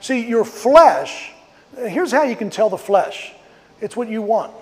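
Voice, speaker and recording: High-voiced preacher with long reverb. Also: male voice, lively intonation, slow. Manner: storytelling, rising to emphatic when acting out quotes. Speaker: pastor. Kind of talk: sermon. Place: outdoors on a street.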